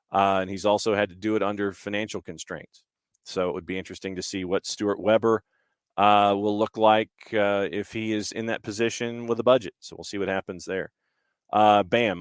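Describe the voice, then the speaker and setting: A man with a lowish voice hosts a casual soccer news roundup. He reads headlines and slips in quick offhand asides, with plenty of fillers. The sound is dry and close. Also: no room sound. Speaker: podcast host.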